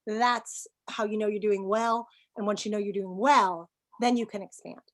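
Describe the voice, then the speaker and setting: Speaking in a mid-range voice, this middle-aged businesswoman is a webinar interview guest who talks with emphasis, lots of energy, and quick laughter.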